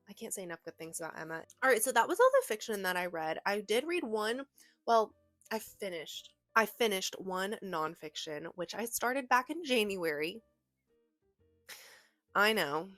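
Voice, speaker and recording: A woman's voice: medium pitch, lively intonation, a little slow, a bit bright, no echo, soft background music. A young woman in casual chat about books she read, talking in a gushing, rambling way with many fillers and restarts, from her bedroom. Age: young adult. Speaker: book vlogger.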